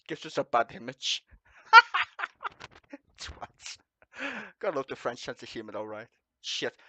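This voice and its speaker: A man's voice: mid-range voice, moderate pace, pushed and bright, no echo. A man hosting a livestream, ranting sarcastically with constant swearing and laughing at his own jokes. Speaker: livestream host. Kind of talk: profane sarcastic ranting commentary.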